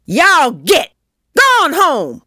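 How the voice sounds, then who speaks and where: A woman voicing an enraged old woman who shouts to chase children off, high and loud. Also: wildly swooping pitch, extremely slow, a little hiss or hum, exaggerated voice. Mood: furious shouting. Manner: shrill, shouting commands. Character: angry old woman shouting from her yard.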